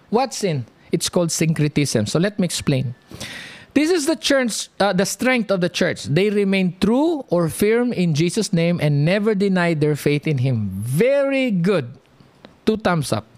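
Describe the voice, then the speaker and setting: Guy preaching, high voice that jumps around a lot, slow and dry. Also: no echo. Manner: lively, animated, drawn-out delivery, frequent "okay?" check-ins. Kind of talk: sermon teaching.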